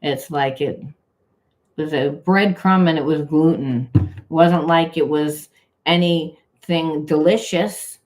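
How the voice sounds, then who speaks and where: A low-pitched woman giving a tarot-style reading in a loose, run-on monologue. She slips into imagined back-and-forth dialogue and repeats phrases to drive her point home. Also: fairly even intonation, slow, a little mellow. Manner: emphatic, acts out imagined dialogue in quotes. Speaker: tarot reader.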